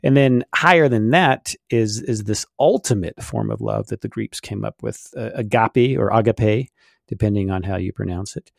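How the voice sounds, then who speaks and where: A middle-aged man co-hosts a casual faith podcast, explaining at length with many fillers and few pauses. His voice is lowish and creaky at a moderate pace. The recording is dry with clean studio sound.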